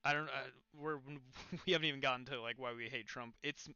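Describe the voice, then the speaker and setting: A man's voice: mid-range voice, steady tone, a little fast, sharp tone, lo-fi sound. A man hosting a casual voice-chat debate, blunt, cursing and dismissive. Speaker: stream host.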